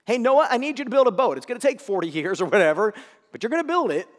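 A man voicing God, patient but firm, booming out orders with a lively swing in pitch. His voice carries through a big echoey hall. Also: unhurried, full character voice. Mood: insistent. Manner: emphatic and insistent. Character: patient, commanding God, a male voice.

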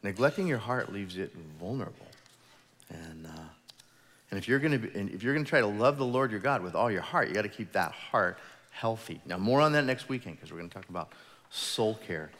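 Pastor guy preaching, tells stories and does little voices, lively up and down, big echoey church. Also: fairly low pitch, brisk. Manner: animated storytelling, acts out quoted voices. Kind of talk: sermon. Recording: long hall reverb.

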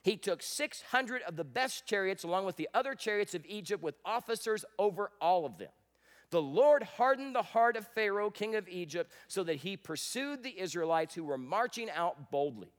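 A man with a rather high voice preaching a sermon. He swings between dramatic, raised bursts and hushed, earnest stretches. His delivery is that of a pastor addressing his congregation.

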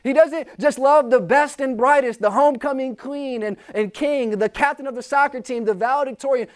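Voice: high voice, normal speed, hardly any pauses. Impassioned preacher speaking to students. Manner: impassioned, emphatic, repeats key phrases; talks directly to the listeners, with questions. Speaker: youth preacher. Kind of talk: sermon.

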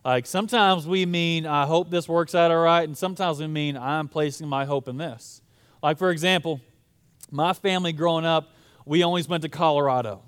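Young male pastor with a smooth voice. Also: a little high. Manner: casual, storytelling, conversational with fillers. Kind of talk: sermon.

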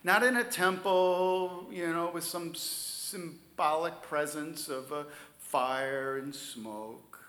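Bright-voiced man preaching in an echoey room. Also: on the high side, takes it slowly. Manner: emphatic preaching, swings from loud stresses to soft near-whispers. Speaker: pastor. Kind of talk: sermon.

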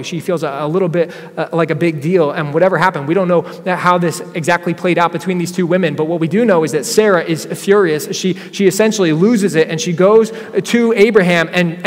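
A man's voice: a little high, brisk. A male pastor preaching a sermon, telling a scripture story and acting out what its people say. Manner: storytelling, acts out quotes from scripture figures. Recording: long reverb of a church hall.

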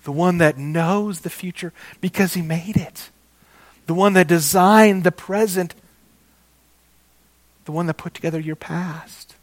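A man preaching a sermon, slow and emphatic, repeating key phrases and calling his listeners "guys". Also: high-pitched, no echo.

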